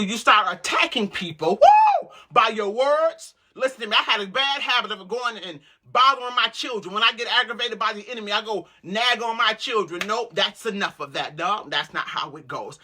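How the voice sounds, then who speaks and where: A woman host preaching to women with loud, exuberant energy, breaking into whoops and repeated calls to listen. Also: fairly high pitch, fairly quick, few pauses.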